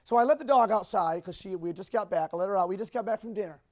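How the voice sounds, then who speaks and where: A man speaking to a group, telling a personal story in a rambling, halting, emotional way. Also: high-pitched, a little mellow.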